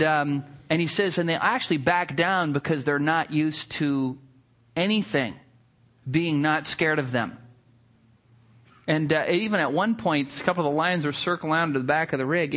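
A man preaching a sermon, telling a story in a conversational, wry and animated way before drawing the lesson. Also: on the high side. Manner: conversational, with frequent restarts. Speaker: pastor. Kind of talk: sermon illustration told as a story.

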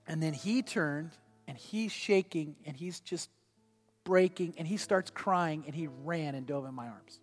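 An older man, a grandfather and pastor, preaching a sermon with earnest storytelling that drops soft and quiet in personal moments. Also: fairly high pitch, normal speed, soft background music.

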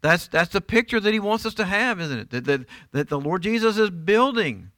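Middle-aged male pastor, bright and slightly high voice, emphatic sermon delivery, dry sound. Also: lively intonation, normal speed, no room sound. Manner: emphatic, asks the congregation rhetorical questions. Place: church.

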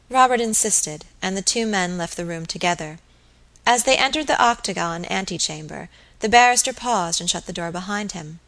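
A woman reading a classic novel aloud in a steady, measured narration. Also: on the low side. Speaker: audiobook narrator.

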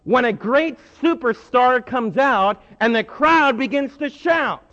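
A man preaching a sermon with emphatic delivery, swinging between hushed and loud. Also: very high-pitched, animated, slow pace. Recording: muffled sound with long hall reverb.

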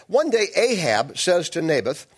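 A male preacher reads scripture, then drifts into chatty, joking asides with his audience. His slightly high voice rises and falls freely as he explains and digresses. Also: very animated, unhurried, breathy edge. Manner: conversational, digressive, playful asides. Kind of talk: sermon with Bible reading.

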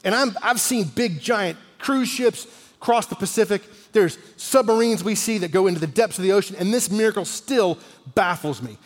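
A man in his forties preaching with a fairly high voice, telling the story animatedly and sometimes sinking almost to a whisper for weight. His words ring out with a long reverb that carries through a large hall. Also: moderate pace. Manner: animated storyteller, drops to a near-whisper for emphasis. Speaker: pastor. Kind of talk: sermon storytelling.

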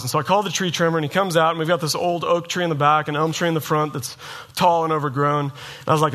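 A man preaches with a bright, forceful voice that sits a little high for a male speaker. He talks casually and tells a personal story, slipping into the voices of the people in it. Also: fairly even intonation, quick pace. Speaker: pastor.

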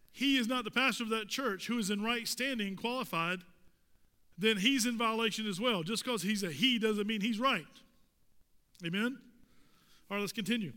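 A man's voice: high voice, sharp tone, in a large hall. A male pastor preaching a sermon, asking the congregation pointed rhetorical questions with emphatic delivery. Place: church sanctuary.

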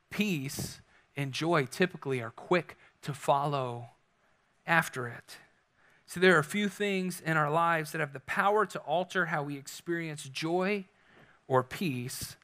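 Bright-voiced man telling a candid sermon story. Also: fairly high pitch. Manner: candid, self-deprecating storyteller.

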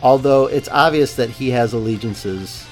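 A man's voice: mid-range voice, normal speed, soft background music. A man co-hosting a podcast, chatting casually about a book, joking and talking in loose, restarting sentences. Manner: rambling, many fillers and restarts, jokey. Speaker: podcast co-host.

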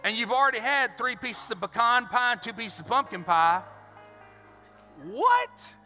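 A man preaching a sermon as pastor, energetic and animated, acting out little scenes. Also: very high voice, brisk. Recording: reverberant hall with faint music.

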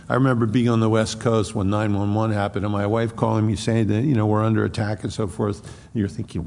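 A man's voice: on the low side, creaky, darkish tone, in a large hall. A middle-aged man preaching a sermon, reflective, reading scripture aloud in old-style wording. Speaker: pastor. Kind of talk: expository sermon.

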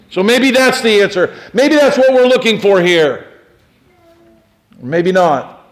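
A man preaching a sermon, talking straight to his listeners with questions, swinging between loud emphasis and hushed, quiet passages. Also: sits high, animated, measured pace, long pauses. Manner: speaks directly to listeners with questions.

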